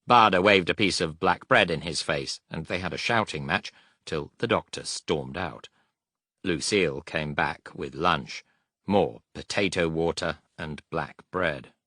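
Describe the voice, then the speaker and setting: A man reading a war audiobook in a measured, steady narration. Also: deep voice, dry recording, studio quality.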